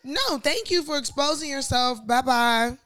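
A woman's voice: high voice, animated, unhurried, a bit bright, dry recording. A woman co-hosting a casual chat podcast, giving blunt, opinionated takes. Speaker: podcast co-host.

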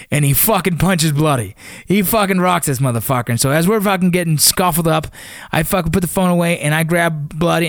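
A man's voice: fairly high pitch, no room sound, clean studio sound. A man who is a former Army Ranger, telling a personal story in a casual, blunt way, full of swearing and fillers. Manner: blunt and profane, with many fillers.

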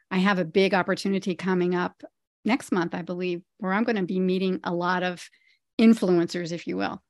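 A woman's voice: on the low side, no echo, clean studio sound. A middle-aged woman, a podcast guest, speaking in a friendly, casual way and laughing easily. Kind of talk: casual interview chat.

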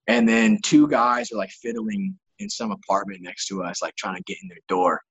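Forceful husky young man telling stories. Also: low voice, moderate pace, hardly any pauses. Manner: rambling, profane, filler-heavy. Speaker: touring musician guest. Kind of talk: casual storytelling chat.

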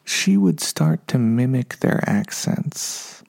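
A man speaks alone on his podcast in a hushed, husky, deep-toned voice with a strong gravelly fry. He talks loosely and unscripted, often correcting himself along the way. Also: big pitch swings, slow. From United States. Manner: unscripted, self-correcting, slightly frustrated. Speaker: podcast host. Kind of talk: solo podcast monologue.

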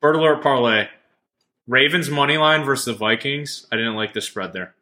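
A man's voice: medium pitch, moderate pace, bright, forceful tone. A man co-hosting a casual sports betting podcast, joking around and swearing as he gives his picks. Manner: jokey and profane, goofing around. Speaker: podcast co-host.

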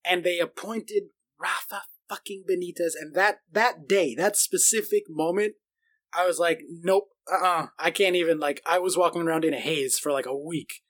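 A man co-hosting a podcast in casual chat, swearing freely, animated and jokey. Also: high voice, normal speed. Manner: football fan. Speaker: podcast co-host.

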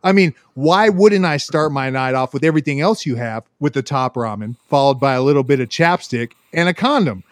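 A man's voice: mid-range voice, fairly quick, hardly any pauses, dry recording, studio quality. A man telling a story in casual podcast chat, swearing a lot and acting out the voices of the people in it. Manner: profane, animated, acts out voices in his stories.

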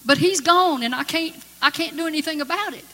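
A woman's voice: high-pitched, fairly quick, pushed and bright. A woman giving earnest, folksy spoken testimony to a congregation in a hall. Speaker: gospel singer giving testimony. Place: church or conference hall. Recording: long-reverb hall with music.

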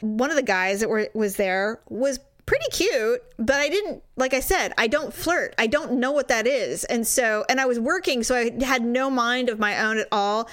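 Animated higher-voiced woman telling a story. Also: normal speed, few pauses, no echo, clean studio sound. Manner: animated, acts out quotes in big voices. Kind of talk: casual storytelling chat.

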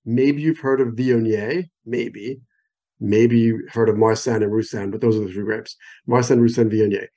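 A man's voice: lowish voice, steady tone, normal speed, dark tone. An American man, a wine expert guest on a phone call, explaining in an enthusiastic, digressive way with many examples. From United States. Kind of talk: conversational interview explanation.

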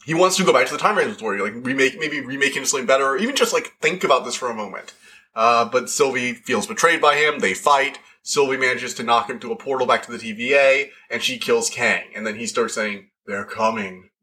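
A man talking casually and excitedly as a podcast reviewer, rambling with lots of fillers and restarts. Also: medium pitch, fast.

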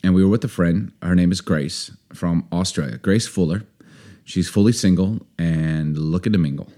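A middle-aged man with a very low, deep voice chatting on a podcast. He is playful and dramatic and jumps from joke to joke. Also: normal speed, dark tone. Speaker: podcast co-host. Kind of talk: casual podcast chat.

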